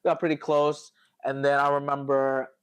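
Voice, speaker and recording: A young man hosting a podcast, chatting casually and telling lively stories while mimicking other people's voices. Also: mid-range voice, normal speed, clear, resonant tone. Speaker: podcast host. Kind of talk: casual chat.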